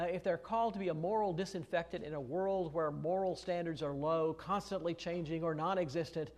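A man's voice: high-pitched, a little mellow. A man preaching an expository sermon in a conversational way, with many fillers and restarts, pressing hard on key phrases. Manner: rises to emphatic stress on key phrases. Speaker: pastor.

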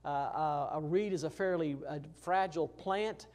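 A man with a slightly higher voice than most, teaching a Bible passage verse by verse. He talks in a relaxed, folksy way with plenty of fillers and false starts. He pushes up louder for emphasis, then drops soft and low for the tender points. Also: moderate pace, few pauses. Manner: conversational, folksy, with frequent fillers and restarts.

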